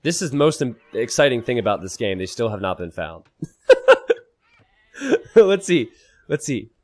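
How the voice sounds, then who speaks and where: An animated man commentating a strategy game match, his pitch swinging widely as he talks. He explains tactics in a casual tone and jumps into high, loud disbelief when something surprises him. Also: unhurried. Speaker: game caster. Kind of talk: esports commentary.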